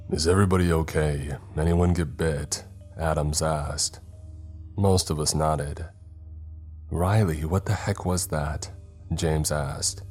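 A man reading a scripted first-person horror story in a tense, steady way. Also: extremely low pitch.

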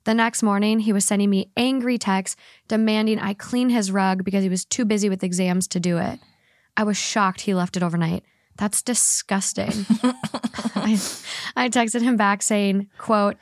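Woman podcast host, mid pitch, dry close mic, quick animated storytelling. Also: no room sound. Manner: animated, laughs often, reads quickly. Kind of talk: casual podcast chat, reading a story aloud.

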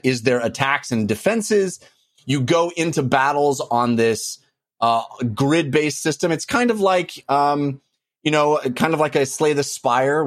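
Man, podcast host, enthusiastic, rambling, mid pitch, dry close sound. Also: no room sound. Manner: enthusiastic, rambling, filler-heavy. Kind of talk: casual podcast chat.

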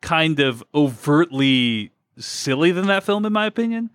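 This film podcast co-host has a fairly high, bright, clear, and resonant voice with big pitch swings, speaking at a measured pace. The recording is dry and studio-quality, and his casual film review chat rambles with many fillers and restarts.

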